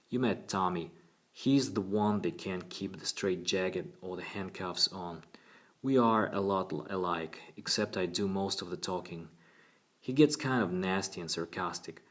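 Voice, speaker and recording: A man's voice: deep voice, unhurried. A man voicing a friendly, talkative eighteen-year-old in an audiobook reading. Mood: casual.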